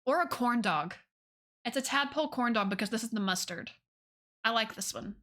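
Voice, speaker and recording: A woman's voice: on the high side, expressive, moderate pace, sharp tone. A woman streamer chatting casually with her viewers, bubbly and giggly. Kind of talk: casual chat with viewers while drawing.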